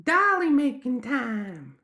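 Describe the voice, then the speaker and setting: A man voicing a small, stubborn green gremlin girl who chants in a shrill, insistent voice. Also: sing-song, slow pace, gravelly, bright, forceful tone, full character voice. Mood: shrill chanting.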